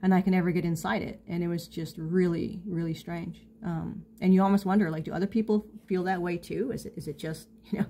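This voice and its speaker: A middle-aged woman in a casual confessional monologue, halting and full of restarts, candid and self-mocking with small laughs. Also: lowish voice, steady tone, warm tone, slight background noise. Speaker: vlogger.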